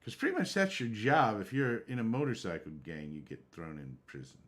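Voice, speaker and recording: A man's voice: lowish voice, wildly swooping pitch, fairly quick. A man streaming a game, chatting casually and rambling from one topic to the next. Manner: rambling, conversational. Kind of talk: casual live-stream chat.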